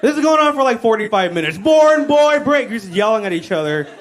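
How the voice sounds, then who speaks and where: A woman doing stand-up comedy, telling a story loudly and laughing through it, recorded from a distance on stage. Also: medium pitch, sing-song, fast, a little hiss or hum.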